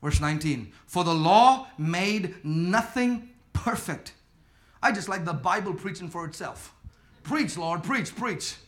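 A man preaching a sermon emphatically, using call and response, swinging between quiet talk and shouting. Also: high voice, animated, measured pace. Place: church with congregation.

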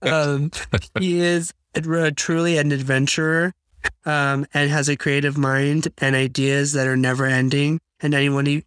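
Easygoing man, a bit high, dry close mic. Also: flat delivery, a little slow, a bit bright, clean tone, dry recording. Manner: rambling, self-correcting, easygoing. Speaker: podcast co-host. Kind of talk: casual chat.

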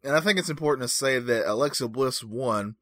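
A man's voice: mid-range voice, fairly quick, a bit bright, no echo, clean studio sound. A man co-hosting a casual podcast, chatty and joking at himself. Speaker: podcast co-host. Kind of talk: casual chat.

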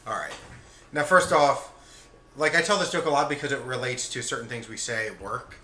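Joking man with a bright, echoey sound. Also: medium pitch, brisk, slight background noise. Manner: rambling, joking storyteller. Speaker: podcast co-host. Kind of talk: casual chat.

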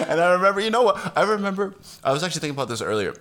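A man co-hosting a casual podcast, chatting loosely, laughing often and jumping into sudden high-pitched bursts. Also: very animated, racing, a bit bright. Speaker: podcast co-host. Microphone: close podcast mic, sometimes leaning in very close.

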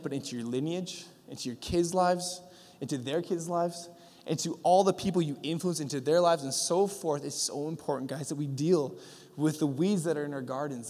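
A young man giving a sermon in a relaxed, storytelling way, full of fillers and acted-out lines. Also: a little high. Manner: casual storytelling with fillers, acting out God's voice. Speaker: pastor. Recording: long hall reverb.

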